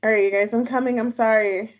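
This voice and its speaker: A woman's voice: a little high, steady tone, a little fast. A young woman chatting casually on a live stream as a tarot reader, bubbly and chatty and greeting viewers by name. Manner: chatty, bubbly, reads chat names aloud.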